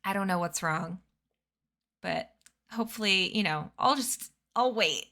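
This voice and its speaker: A woman's voice: mid-range voice, a little slow, bright, forceful tone. A young woman in her twenties chatting casually with her stream chat, bubbly and giggly, sleepy. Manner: bubbly, giggly, reads chat names aloud. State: sleepy, yawning. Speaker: streamer reading a book aloud.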